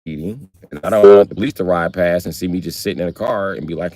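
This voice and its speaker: Deep-voiced and fast, a man on a live stream tells animated comedic stories in a casual rant, swearing freely and using plenty of slang. The recording has no room sound.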